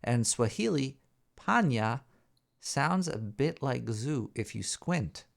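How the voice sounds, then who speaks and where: A man hosting a live show, rambling and joking as he thinks out loud. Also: medium pitch, expressive, slow pace, creaky. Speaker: show host. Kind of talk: casual live show banter.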